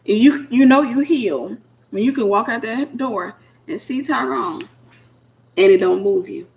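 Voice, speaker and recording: Slightly high and darkish with vocal fry, this middle-aged woman's unhurried voice preaches informally to single women. She's a minister with a blunt, sassy manner who acts out the people she quotes.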